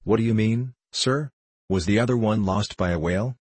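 A man's voice: lowish voice, moderate pace, darkish tone, husky, no room sound. A man voicing a polite, earnest young man seeking a whaling berth in an audiobook, answering respectfully.

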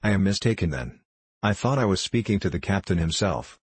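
A man's voice: low-pitched, expressive, a little fast, slightly rough, dry recording. A man voicing a polite earnest young sailor. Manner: polite, earnest, answering with sir. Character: polite young man seeking a whaling berth.

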